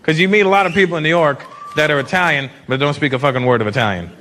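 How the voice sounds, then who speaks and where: A man from Canada performing a stand-up comedy set on a club stage, talking to the audience and breaking into loud shouted bits as he acts out characters. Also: fairly high pitch, racing. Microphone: handheld stage mic. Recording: live club recording with crowd noise.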